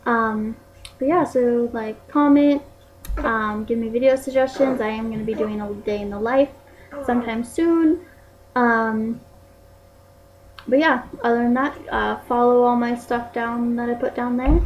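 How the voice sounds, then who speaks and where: A woman's voice: fairly high pitch, fairly even intonation, a little slow, lo-fi sound, soft background music. Chatty young woman vlogger. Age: young adult. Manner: rambling, many fillers like "like" and "um". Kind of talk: casual chat to camera.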